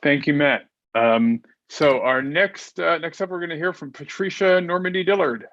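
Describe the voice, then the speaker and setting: A man hosting an online club meeting over a video call. He introduces speakers haltingly and often repeats his words. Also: on the high side, a bit bright, no room sound. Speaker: meeting host. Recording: dull, dry video-call audio.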